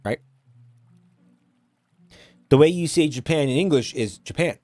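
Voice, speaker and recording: A man's voice: on the high side, a little slow, warm tone, no echo. A man streaming and ranting at his chat, exasperated and swearing often. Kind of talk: casual stream rant.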